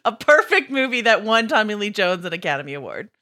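A woman co-hosting a podcast debate, talking in a quick, chatty, amused way. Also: mid-range voice, very animated, bright, forceful tone. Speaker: podcast co-host. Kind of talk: casual chat.

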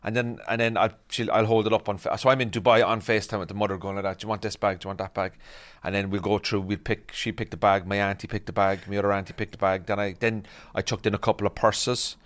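A man, a podcast guest, telling stories in animated casual chat. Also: on the low side, fast talker, few pauses. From Ireland. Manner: animated storytelling.

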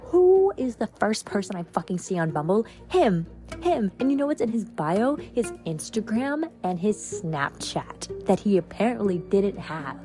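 Young woman, casual storytelling, exasperated, swearing, mellow voice. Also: medium pitch, a little slow, soft background music. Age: young adult. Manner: exasperated, swearing, animated retelling. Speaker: podcast host.

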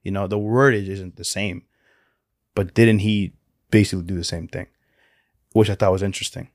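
A man co-hosting a casual Bible discussion podcast, retelling stories loosely with many fillers and quick acted quotes. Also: low-pitched, steady tone, darkish tone, dry recording, clean studio sound. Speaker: podcast co-host.

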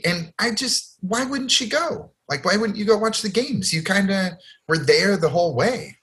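A man's voice: a little high, lively intonation, moderate pace, hardly any pauses, bright, forceful tone. A man co-hosting a podcast, chatting casually and animatedly, laughing as he retells scenes. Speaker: podcast co-host. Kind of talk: casual chat.

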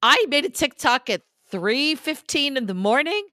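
A woman co-hosting a podcast in casual chat, her voice hoarse and strained yet bright and forceful, pitched a little high. She tells stories in a teasing, animated way, and the recording is dry and close. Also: normal speed, no echo. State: hoarse, lost voice. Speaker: podcast co-host.

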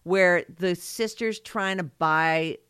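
A woman's voice: fairly low pitch, slow, fairly bright tone, clear, resonant tone, dry recording, clean studio sound. A woman co-hosting a podcast in casual chat, swearing freely and giggling often. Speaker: podcast co-host.

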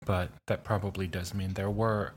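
A man playing a tabletop game, making deadpan puns. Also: low-pitched, moderate pace, a little hiss or hum. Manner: deadpan punning. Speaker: player. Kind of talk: casual chat at a tabletop game.

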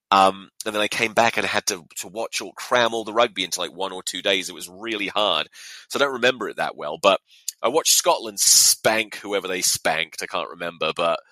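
A man's voice: fairly low pitch, dry recording. A young man hosting a podcast, ranting casually and profanely about rugby fans. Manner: lively, profane, ranting with mock voices. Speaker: podcast host.

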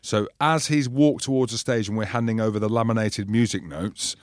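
A man co-hosting a podcast, telling lively anecdotes in casual banter and acting out the shouts of people in his stories. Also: lowish voice, a little fast, dry recording, clean studio sound. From Scotland. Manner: animated storyteller, acts out loud voices in anecdotes. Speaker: podcast co-host.

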